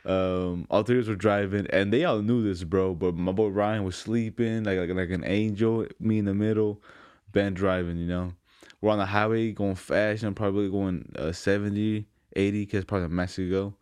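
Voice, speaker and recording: A young man with a fairly low voice, telling a story in laid-back casual chat. He hesitates with many fillers. The sound is dry and close, with little room echo. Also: fairly even intonation, normal speed, a little mellow, smooth. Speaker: friend and co-worker in chat.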